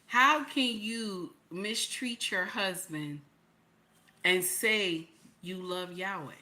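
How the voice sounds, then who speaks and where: Woman, livestream host, bright and forceful tone, blunt and colloquial, repeats lines for emphasis, lots of rhetorical questions. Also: mid-range voice, takes it slowly. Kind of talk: preachy livestream commentary.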